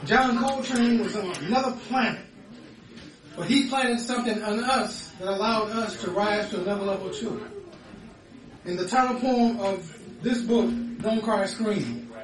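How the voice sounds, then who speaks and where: A man giving a live poetry reading, rhythmic and building into sudden high screams. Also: normal speed, a crowd in the background. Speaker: poet. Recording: echoey, distant, loud music behind.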